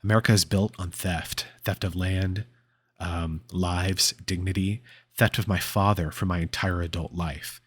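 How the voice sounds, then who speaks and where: A man reading out the comic-book lines of a defiant adult woman cat burglar in his own low, husky voice. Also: steady tone, unhurried. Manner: reading comic dialogue aloud.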